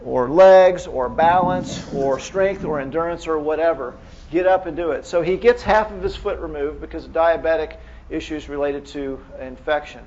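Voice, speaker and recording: A man's voice: fairly high pitch, normal speed, a little mellow, dull audio, slight background noise. A man giving a live lecture to clinicians, speaking casually and asking the audience rhetorical questions. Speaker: medical lecturer.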